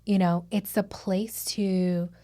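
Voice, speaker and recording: A woman with a mellow, medium-pitched voice speaks slowly and evenly. She hosts a podcast and chats enthusiastically with her guest in a conversational interview.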